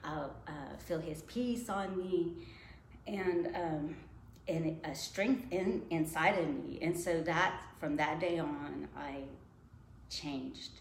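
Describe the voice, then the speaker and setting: A woman's voice: low voice, slow pace, vocal fry. A woman telling a personal faith story in casual conversation, laughing often and acting out her own past thoughts. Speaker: guest. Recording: echoey room, faint noise.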